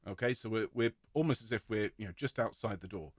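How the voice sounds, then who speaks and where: A man's voice: fairly low pitch, fast, no echo. Dry-voiced man leading choir rehearsal. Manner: clear, encouraging, demonstrates rhythms by singing syllables. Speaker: choir director. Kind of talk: rehearsal instruction to an online choir.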